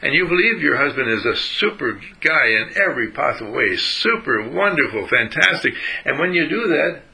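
A man's voice: fairly high pitch, very animated, moderate pace, gravelly, sharp tone, poor audio. A man giving a motivational spiritual lecture, emphatic, repeating phrases and asking his listeners questions.

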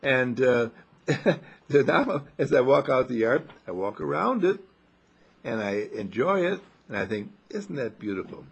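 An older man giving a gentle, rambling, folksy talk, chuckling as he reflects. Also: mid-range voice, lively intonation, a little slow, creaky, slightly rough, dull audio. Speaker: inspirational speaker.

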